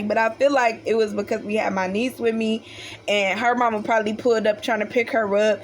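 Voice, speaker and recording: A woman's voice: on the high side, a little fast. A young woman telling a childhood story in a casual, profane storytime style, acting out the voices of her family. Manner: animated, profane, acts out the voices of family members.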